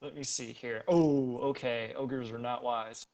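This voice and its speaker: A man's voice: mid-range voice, steady tone, measured pace, darkish tone. A man running a tabletop game as game master, casual and joking, laughing often.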